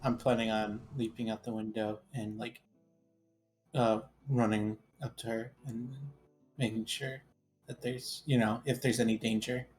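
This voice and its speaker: A man playing a tabletop game, talking in a halting, rambling way with many fillers. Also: on the low side, flat delivery, faint music behind. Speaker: player. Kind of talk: casual tabletop play.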